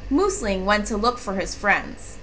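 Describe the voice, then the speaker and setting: Woman reader for a kids' storybook, unhurried, bright and animated. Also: medium pitch, slight background noise. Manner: slow, expressive, clearly articulated. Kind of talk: children's storybook read-aloud.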